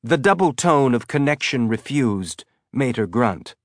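Male narrator, mid-pitch, steady audiobook read, dry close mic. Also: unhurried, dry recording.

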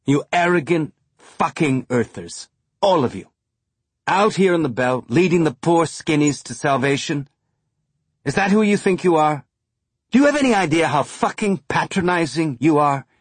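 A man's voice: on the high side, lively intonation, slow pace, slightly rough, no echo, voice pushed up, heavily acted. A man voicing a furious male station engineer who rants in a spiteful snarl, in an audiobook. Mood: ranting.

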